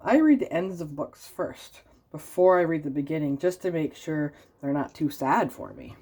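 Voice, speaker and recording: A shy, sensitive hedgehog from a storybook, speaking in a high, earnest voice, as a woman puts it on. Each word comes out sincere and a little timid. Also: big pitch swings, moderate pace, mellow, husky, exaggerated voice.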